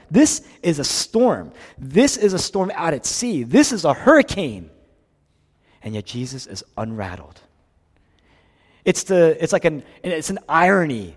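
A man preaching a sermon as a pastor, swinging between loud emphatic lines and hushed low ones. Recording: long hall reverb.

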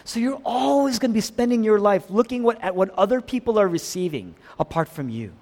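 A male pastor preaching a sermon emphatically, rising to strong peaks and then dropping low. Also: expressive, brisk, a little mellow. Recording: long hall reverb.

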